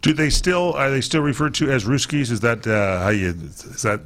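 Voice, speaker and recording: A man's voice: mid-range voice, lively intonation, moderate pace, fairly bright tone. A man co-hosting a sports talk radio show, rambling with lots of fillers as he reads through a list of stories.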